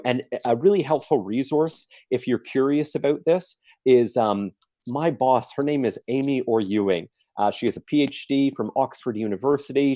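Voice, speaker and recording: A man's voice: medium pitch, dark tone, no echo. A man giving an earnest apologetics talk at a church forum, listing his points one by one with emphasis. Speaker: apologetics speaker. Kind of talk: forum talk answering questions.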